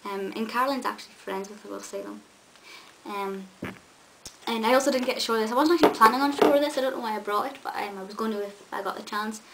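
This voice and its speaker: This young woman vlogs in a gravelly voice on the high side, talking fast. She's eager and casual with the camera, stumbling through lots of ums and restarts, over a faint hiss.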